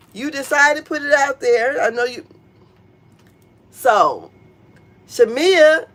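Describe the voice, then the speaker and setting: A middle-aged woman chats through reality-show gossip in a blunt, profane way. She sits a little high in her voice and jumps into squealing tones whenever she quotes someone. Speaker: show commentator. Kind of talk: casual gossip commentary.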